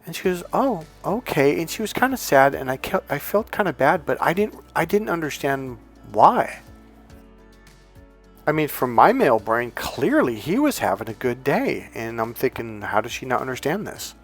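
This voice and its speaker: A man's voice: mid-range voice, normal speed, soft background music. A man telling a story and acting out the people in it as a dating coach. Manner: animated, acts out the people in the story. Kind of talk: storytelling to camera.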